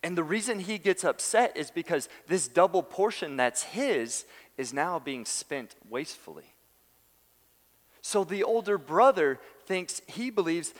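A man preaching a sermon, telling a story with lively acted-out quotes and laughing asides. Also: on the high side, unhurried. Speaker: pastor. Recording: long hall reverb.

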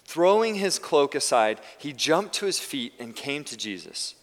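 A man's voice: on the high side, big pitch swings, measured pace, big-room sound. A male pastor giving a conversational sermon in a church, often restarting his sentences. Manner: conversational preaching with frequent restarts. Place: church sanctuary.

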